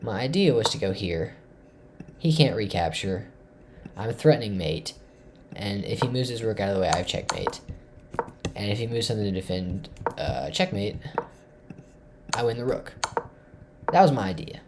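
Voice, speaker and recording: Guy from tennessee hyped about his chess win, jumps loud then goes quiet, little background hiss. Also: fairly low pitch, normal speed, pauses often. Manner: animated, thinks aloud through moves, swings between loud and hushed. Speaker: chess player reviewing his game. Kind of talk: excited game recap to camera.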